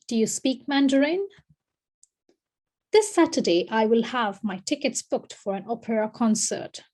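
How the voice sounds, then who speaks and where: A woman with a somewhat high, husky voice narrates a scripted lesson as a teacher. She reads example sentences aloud with a lifted, emphatic delivery, as if pointing each one out to a class. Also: a little mellow.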